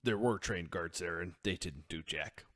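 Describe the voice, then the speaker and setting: A man's voice: low voice, moderate pace, fairly bright tone. A man playing a tabletop game, speaking casually with dry sarcasm. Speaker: player.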